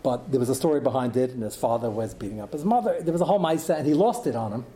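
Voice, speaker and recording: A man teaching a Torah class, telling a story animatedly with frequent Hebrew and Yiddish terms and quick asides. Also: medium pitch, dark tone.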